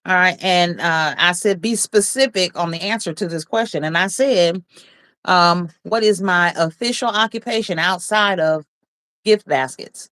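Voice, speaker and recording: A woman chats casually on a livestream, reading out viewers' comments and teasing them playfully. Her voice sits fairly low, and frequent laughter runs through her talk. The sound is dry and close, with no room echo. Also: a little slow, a bit bright. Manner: reads chat aloud, laughs often, teasing and playful. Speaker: livestream host.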